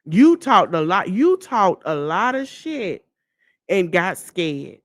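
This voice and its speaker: A woman's voice: lowish voice, very animated, slow pace, no room sound, studio quality. A woman hosting a podcast, giving blunt, mocking gossip commentary and laughing often. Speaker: podcast host.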